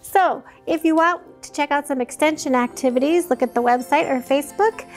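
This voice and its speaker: A woman librarian reading a picture book aloud to young children, animated and asking them questions along the way. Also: high-pitched, fairly quick, soft background music.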